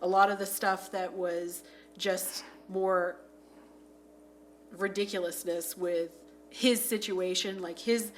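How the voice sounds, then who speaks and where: A woman on a podcast chatting casually about a film, full of "like" fillers and acting out scenes in quick voices. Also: on the low side, fairly even intonation, a little hiss or hum. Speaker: podcast panelist. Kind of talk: casual movie review chat.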